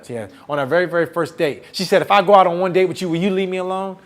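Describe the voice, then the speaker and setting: A man's voice: high voice, racing. A man who is a motivational speaker, telling a story on stage to students. He acts out the voices of the people in it and calls on the crowd to answer back. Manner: calls out to the audience and gets them to answer back. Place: campus event hall.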